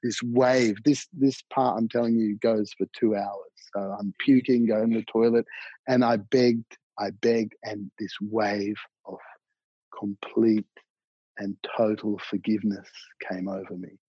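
Husky-voiced man telling a story. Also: fairly low pitch, a little slow, no echo. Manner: animated, repeats words, swears freely. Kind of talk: casual storytelling. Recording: dull, muffled, dry sound.

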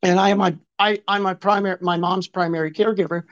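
A man's voice: high voice, steady tone, quick pace, fairly bright tone, clean tone. Rambling, profane storyteller man in his fifties. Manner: rambling and profane, many asides and reported speech. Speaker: guest telling a story. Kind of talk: casual conversational storytelling. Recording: dull lo-fi recording.

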